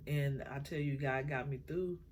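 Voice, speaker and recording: A middle-aged woman, a mother, talking from the heart about raising her children, halting often and getting tearful at times. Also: rumbling low, fairly even intonation, darkish tone, a little hiss or hum. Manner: emotional, halting, many fillers. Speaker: mother sharing her story. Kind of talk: heartfelt personal talk.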